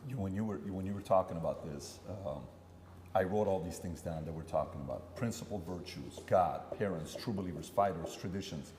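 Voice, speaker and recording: This podcast host, a man in his thirties, rambles through a casual talk-show chat and acts out the voices of the people he quotes. His deep, darkish voice comes quickly, and the large hall around him adds a slight hiss or hum.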